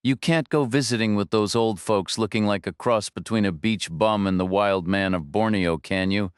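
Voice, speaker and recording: A playful, teasing young woman with a light, mocking edge, as a male narrator puts her on. His voice stays smooth and resonant, a little higher than his low reading tone, in a dry, close recording. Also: normal speed, dry recording, lightly acted.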